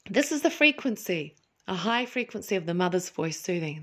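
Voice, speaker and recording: Speaking slowly and soothingly in a lowish voice, a woman hosts a spiritual podcast talk and occasionally performs little voices to illustrate her points.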